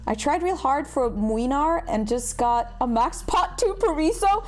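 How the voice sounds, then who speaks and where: Young woman streamer reading chat, kinda high, bouncy voice, puts herself down a lot. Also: a little fast, hardly any pauses, soft background music. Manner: self-deprecating, animated reactions. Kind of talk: casual livestream chat.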